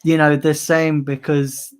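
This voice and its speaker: A man's voice: fairly high pitch, flat delivery, unhurried, clean tone. Hesitant, heartfelt man. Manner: hesitant, many restarts, heartfelt. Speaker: regular on fan channel stream. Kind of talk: casual tribute chat.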